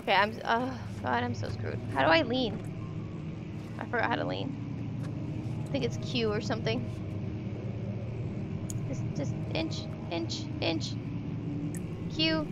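A jumpy young woman with a high voice gives casual commentary as she plays a horror game. She swears often and talks back to the screen, with clear noise running under the recording. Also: unhurried, pauses often. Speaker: gamer. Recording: noisy recording.

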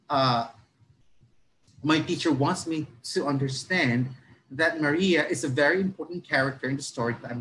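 A man teaching listening skills to parents and teachers, explaining slowly, restarting often and stressing key words aloud to show how. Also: a little high, fairly bright tone, slight background noise, poor audio.

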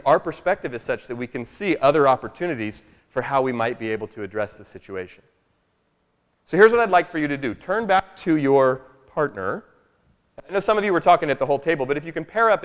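A man telling a family story to a live workshop audience in an animated, chatty way, often asking "right?". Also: on the high side. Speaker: speaker at a workshop. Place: large room with a live audience. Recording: long echo of a large hall.

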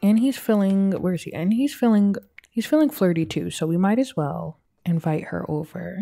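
A young woman casually narrating her life-simulation game, chatting and putting quick voices on the characters. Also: lowish voice, vocal fry, mellow, soft background music. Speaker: let's play gamer. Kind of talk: casual gameplay commentary.

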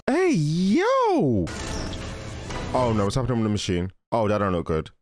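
A young man giving casual, excitable commentary while watching a film, often laughing and exclaiming. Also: lowish voice, very fast, over music. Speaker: movie reaction host. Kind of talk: casual movie reaction commentary.

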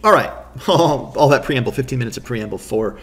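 A man's voice: medium pitch, expressive, moderate pace, a bit bright, slightly rough. A man who runs a tabletop game, talking through his campaign prep and thinking aloud with many restarts. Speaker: game master. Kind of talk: solo talk on campaign prep.

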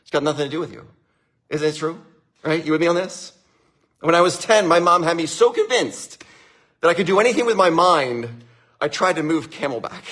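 A man's voice: fairly high pitch, lively intonation, brisk, pauses often, a bit bright, husky. A man who owns a winery giving an enthusiastic, repetitive motivational talk, laughing often.

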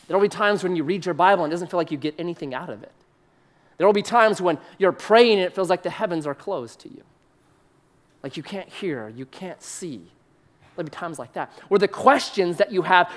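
A man preaching a sermon, swinging from loud excited bursts to soft, hushed emphasis and repeating short phrases. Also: high-pitched.

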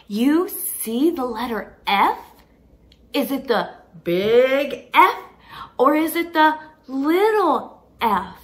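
A young woman speaks to toddlers in a high, lively voice that swoops up and down. She talks very slowly and brightly, in a sing-song, encouraging teacher's manner with gasps of delight. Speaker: children's teacher. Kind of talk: toddler learning video.

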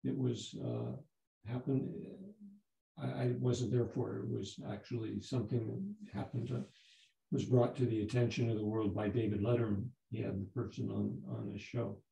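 Gravelly, dark-voiced older man teaching. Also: on the low side, muffled recording. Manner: halting, repeats words and restarts. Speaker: Zen teacher. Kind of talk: dharma talk, storytelling. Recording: roomy echo.

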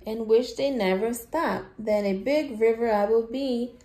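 A woman's voice: fairly high pitch, unhurried, a little mellow, roomy sound, pitched above the performer's own voice, close to an everyday voice. A woman voicing a laughing, singing brook, reading a storybook aloud to children. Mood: merry.

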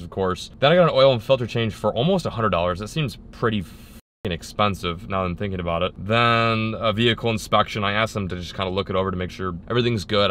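Excitable young man fishing vlogger. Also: lowish voice, slight background noise. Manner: excitable, shouts when fish bite. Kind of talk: casual vlog narration. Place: outdoors at city ponds, later in a car.

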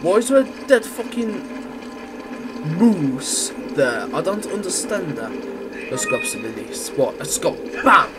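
A man giving loud, crude, excitable gameplay commentary. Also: fairly high pitch, unhurried, loud music behind the voice. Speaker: gamer.

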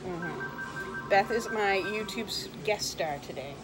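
A woman vlogging on a handheld camera, gushing, swearing and exclaiming with excitement. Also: mid-range voice, slow, over music. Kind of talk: excited travel vlog. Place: hotel room, restaurant, outdoors.

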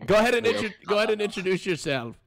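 A man's voice: sits high, animated, very fast, a crowd in the background. A male stream host with a slightly raised voice, talking in a loose, casual way. He sounds flustered and apologetic as he tries to keep his unruly guests in line. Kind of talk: casual livestream chat.

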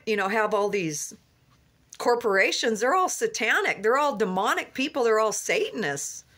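A woman's voice: on the high side, fairly bright tone. A woman vlogger sits in a car and delivers a fervent religious monologue. She talks earnestly and rambles, often restarting with "you know.". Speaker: Christian vlogger.

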